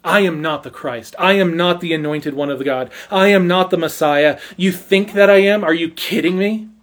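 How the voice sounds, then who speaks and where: A man's voice: fairly high pitch, normal speed, a bit bright, natural voice. A man voicing a scornful, wild desert preacher who mocks his questioners bluntly and emphatically.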